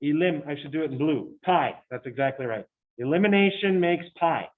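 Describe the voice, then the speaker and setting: A man's voice: on the high side, animated, normal speed. A man lecturing on chemistry to students in a chatty way, with joking asides. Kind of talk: recorded lecture. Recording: tinny phone-like lecture audio.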